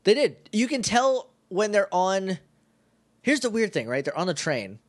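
Male podcast co-host, lively up-and-down delivery, joking, slipping into quoted voices. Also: sits high, a little slow. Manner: animated, jokey, acts out characters in quotes. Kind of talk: casual chat recapping an episode.

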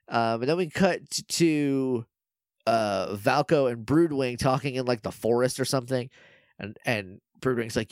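A man's voice: medium pitch, a little slow, no echo, clean studio sound. A man co-hosting a podcast, recapping a TV episode in casual chat and playfully acting out the characters' lines as he goes. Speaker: podcast co-host.

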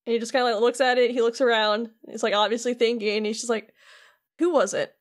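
A woman with a fairly high voice on a casual podcast. She walks through a story scene by scene and drops into quick quoted lines from the characters without changing her own voice. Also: steady tone. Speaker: podcast co-host.

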